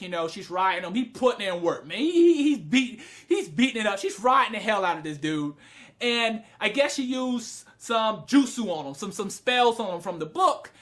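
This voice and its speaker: A man casually reviewing anime on camera, telling scenes in an animated way, laughing and breaking into loud, high yelling. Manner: frequent swearing and laughter.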